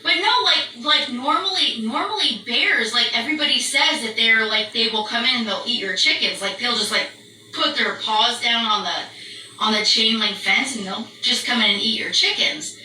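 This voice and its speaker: High, bright woman telling a wild story. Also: normal speed. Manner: animated, swearing, acts out the barking and screaming. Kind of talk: casual storytelling. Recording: roomy echo, distant from mic, faint background noise.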